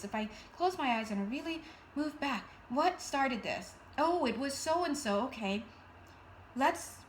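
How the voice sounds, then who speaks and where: A woman giving a casual tarot reading, chatty and animated with jokey asides. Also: fairly high pitch, a little hiss or hum. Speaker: tarot reader.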